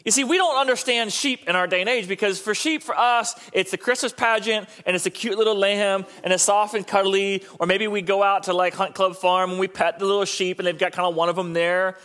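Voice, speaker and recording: A man's voice: sits high, steady tone, brisk, hardly any pauses, a bit bright. A man preaching a conversational, joking sermon, often restarting his sentences mid-thought. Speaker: pastor.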